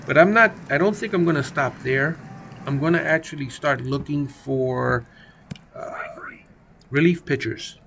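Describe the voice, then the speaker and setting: A man's voice: on the high side, a little slow, gravelly, a bit bright, a little hiss or hum. A man hosting a gaming video, giving casual, playful play-by-play of a baseball simulation game. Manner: playful, jokey, chatty commentary. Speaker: gaming channel host.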